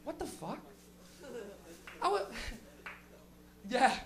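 A young man doing a loose, crude stand-up set on a comedy club stage with an animated storytelling manner. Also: extremely high pitch, very slow, gravelly, crowd noise.

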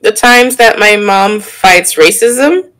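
A young man in casual podcast chat, telling an animated story with laughter and sudden jumps in pitch. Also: slow pace, poor audio. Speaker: podcast co-host.

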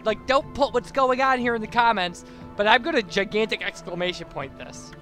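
A man's voice: high-pitched, moderate pace, sharp tone, faint music behind. A young man hosting a let's play, joking around and reading the game's dialogue aloud in playful voices, a little stuffy after blowing his nose. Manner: playful, jokey, reads game text in goofy voices.

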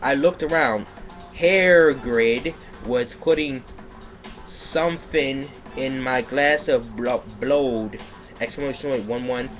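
A man giving a comedic dramatic reading of bad fan fiction in a deadpan way, breaking character to mock the text. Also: mid-range voice, slow, soft background music. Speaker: comedic reader. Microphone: home microphone on a livestream.

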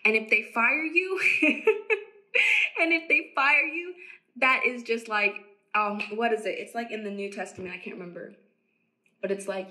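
A woman casually preaching to camera as an evangelist, emphatic and repeating phrases for stress, sometimes dropping to a hushed near-whisper. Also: medium pitch. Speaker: Christian evangelist.

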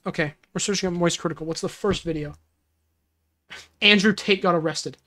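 A woman's voice: lowish voice, fairly quick, bright, forceful tone. Giggly, rambling woman streamer. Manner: giggly, rambling, easily flustered. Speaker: game streamer. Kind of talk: casual livestream chat.

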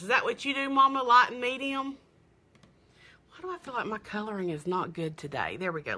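A woman's voice: mid-range voice, pushed and bright. A middle-aged woman, doing a chatty live makeup demo and sales stream, gushing and greeting viewers by name. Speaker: makeup seller.

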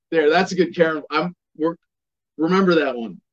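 A man's voice: fairly high pitch, fairly quick, shouting, highs cut off. A man hosting a political commentary show, delivering a sardonic, emphatic monologue and reading passages aloud.

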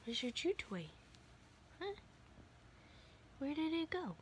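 A woman chatting slowly and unhurriedly in a home vlog, often dropping to a soft half-whisper to keep quiet. When she coos at her dog, her voice lifts into a high sing-song, and a faint hum of noise sits behind her. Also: very animated. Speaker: vlogger. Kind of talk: casual home vlog talking to her pets. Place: home indoors.

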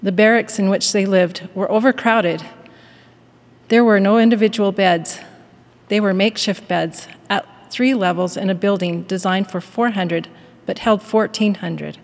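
A woman giving a prepared devotional address in a measured, earnest manner and reading a story aloud. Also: mid-range voice, fairly even intonation, in a large hall. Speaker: devotional speaker at a university.

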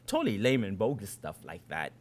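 A man's voice: lowish voice, huge pitch swings, brisk. A man in his fifties, an author from Vietnam, reading his short fiction aloud in a first-person boy's storytelling voice.

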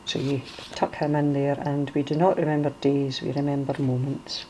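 A middle-aged woman with a Glasgow accent talks casually through a handmade journal, page by page. Her voice sits low and mellow. She rambles and restarts often. A faint noise floor runs beneath. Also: flat delivery, moderate pace, low-quality recording. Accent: Glaswegian Scottish. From Scotland. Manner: chatty, wandering, with many fillers and restarts. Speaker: crafter showing a junk journal. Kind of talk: casual show-and-tell.

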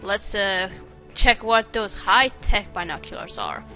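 A woman's voice: mid-range voice, big pitch swings, measured pace, bright, forceful tone, faint music behind. A woman giving casual commentary while playing a video game, laughing at herself now and then. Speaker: gamer. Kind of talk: casual let's play commentary.

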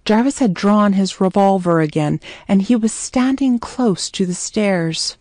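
A woman narrating a scripted story in a measured, clear way. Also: medium pitch, mellow, no room sound, studio quality.

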